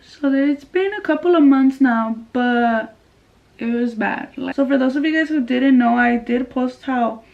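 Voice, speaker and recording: A woman's voice: high voice, a little slow, creaky, lo-fi sound. A young woman from California telling a casual storytime, chatty and swearing freely as she acts out what people said. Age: young adult. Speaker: vlogger.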